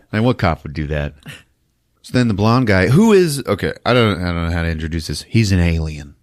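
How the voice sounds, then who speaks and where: A man hosting a podcast, giving an animated comedic movie recap, laughing often and acting out scenes with sound effects. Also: deep voice, brisk, dry recording, clean studio sound. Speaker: podcast host.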